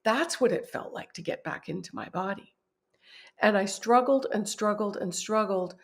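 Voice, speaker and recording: A woman guest on a podcast, telling a personal story in a vivid, animated way and often laughing at herself. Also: mid-range voice, normal speed. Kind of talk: personal storytelling in a conversational interview.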